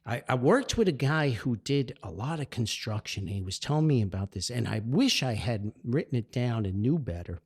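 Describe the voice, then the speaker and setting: A male podcast host with a New Jersey accent talks on his own, full of enthusiasm. He rambles freely from one point to the next, in a voice of middle pitch. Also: animated, moderate pace, hardly any pauses, breathy edge. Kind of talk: solo podcast monologue.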